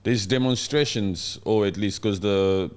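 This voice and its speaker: A man with a very low voice hosts a casual live-stream chat. He talks conversationally and explains things to his co-host at an easy pace. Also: measured pace, clean tone. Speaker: podcast host.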